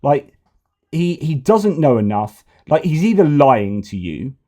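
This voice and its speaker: A man's voice: fairly high pitch, sing-song, a little slow, dark tone. A man giving sarcastic, exasperated political commentary, often repeating himself. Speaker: news commentator.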